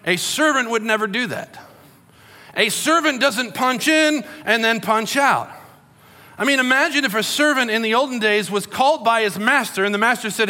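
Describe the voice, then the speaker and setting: Middle-aged man, sermon, conversational, bright voice, hall echo. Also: very high voice, normal speed. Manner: conversational, storytelling with acted quotes. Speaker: pastor. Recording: long hall reverb.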